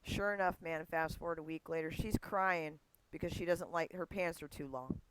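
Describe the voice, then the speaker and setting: A woman's voice: low voice, fairly even intonation, moderate pace, clean tone, no echo, low-quality recording. A woman hosting a podcast, chatting casually and telling family stories with acted-out dialogue. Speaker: podcast host. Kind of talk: casual conversation.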